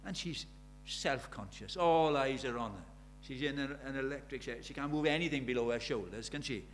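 A middle-aged man preaching a sermon. He drops to near-whispers and then rises to loud, urgent questions. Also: medium pitch, moderate pace, faint music behind. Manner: swings from hushed intimacy to loud urgent questions.

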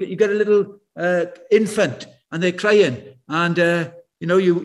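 High-voiced older preacher. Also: male voice. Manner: conversational and anecdotal, with slow emphatic repetition; self-deprecating asides. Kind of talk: sermon.

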